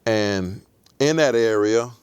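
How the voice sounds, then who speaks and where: Low-voiced man telling his life story. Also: a little mellow, clear, resonant tone, dry recording. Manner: reflective, measured storytelling. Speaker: interview guest. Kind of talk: storytelling in an interview.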